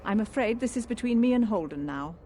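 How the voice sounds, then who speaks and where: An actress plays a wary young woman in hiding, with a British accent and a guarded, clipped delivery. Her pitch rises and falls in a lively way. It sounds like video game dialogue. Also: a little fast, slight background noise, natural voice.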